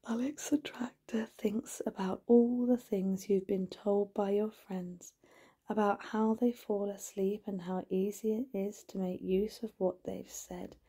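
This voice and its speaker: A woman narrating a hypnotic bedtime story in a hushed voice, often slipping into a whisper and drawing out her words. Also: medium pitch, breathy edge.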